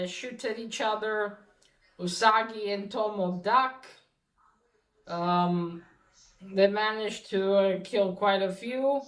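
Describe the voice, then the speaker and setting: A woman retelling a comic story in casual speech, pausing often with fillers and restarts. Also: medium pitch. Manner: hesitant, many fillers and restarts. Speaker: podcast host recapping a comic. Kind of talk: casual spoken recap. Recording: echoey room.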